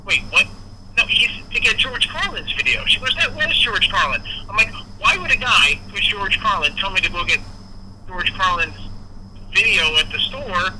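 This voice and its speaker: A man's voice: high voice, noisy background. A man, a guest musician, telling a casual story and acting out the quoted dialogue. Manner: animated, acts out quoted dialogue.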